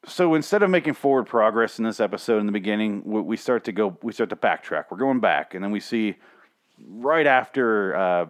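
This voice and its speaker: Young male recapper, lowish voice, rambling sarcastic delivery with lots of swearing. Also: lively intonation. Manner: rambling, sarcastic, swears often, mocks characters in quick put-on voices. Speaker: TV episode recapper. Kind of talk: casual profane episode recap.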